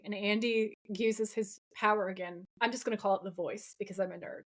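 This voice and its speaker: A woman co-hosting a podcast recaps a TV episode in casual, animated chat, acting out the characters' lines as she retells scenes. Her voice is mid-range and her speed normal.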